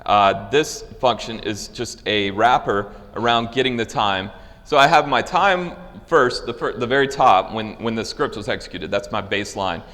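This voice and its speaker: Man, low-pitched, tech talk in a hall with long reverb, casual with lots of fillers. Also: moderate pace, bright, forceful tone. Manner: casual, loose, with many fillers and restarts. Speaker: conference speaker. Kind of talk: technical conference talk with live demo. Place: conference hall.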